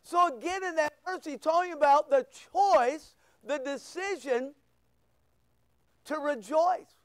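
A male pastor preaching a sermon, firing rhetorical questions and sharp asides at his congregation. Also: extremely high pitch, slow pace, dry recording. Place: church.

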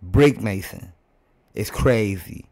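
Low-voiced laid-back reaction host. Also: male voice, slow pace, darkish tone. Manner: laid-back, chatty, addressing viewers. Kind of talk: casual reaction commentary.

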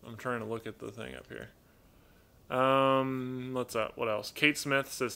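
Streaming a casual Q&A from home, a man with a raspy voice wanders through his talk, reading viewers' messages aloud and addressing his pet birds. He speaks at medium pitch and normal speed with a steady, sharp tone, and there's a faint hiss or hum in the audio.

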